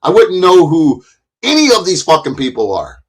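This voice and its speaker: A man's voice: fairly high pitch, wildly swooping pitch, normal speed, breathy edge. A man streaming live, ranting in a profane, rambling and heated way about people who bait him. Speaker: live streamer reacting to clips.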